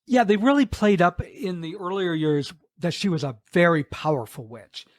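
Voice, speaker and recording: A man's voice: high voice, very animated, normal speed, no room sound. A man co-hosting a podcast in casual chat, giving brief, matter-of-fact replies.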